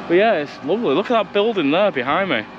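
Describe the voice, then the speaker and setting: This man's high-pitched voice sounds muffled against a noisy background as he films a casual walking vlog on a seafront promenade with a handheld action camera. He is chatty and a little rambling, with easy laughter.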